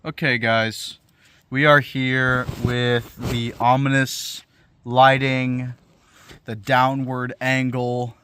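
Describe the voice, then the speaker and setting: A man's voice: medium pitch, little pitch movement, slow pace, a bit bright, slight background noise. A young man talking to camera in a profane, incredulous comedic rant, swearing freely as he riffs. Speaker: vlogger.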